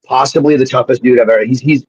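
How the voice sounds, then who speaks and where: A man, a former pro wrestler appearing as a guest, telling animated and profane stories in a casual way, often restarting his sentences. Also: mid-range voice, fast, breathy edge, dry recording. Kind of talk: casual storytelling on a live show. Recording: dull lo-fi sound.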